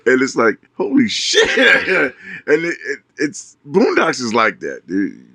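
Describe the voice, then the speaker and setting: A man co-hosting a podcast, telling stories in casual chat, animated, with stammering restarts and frequent laughter. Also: medium pitch, takes it slowly, creaky, no room sound, studio quality. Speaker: podcast co-host.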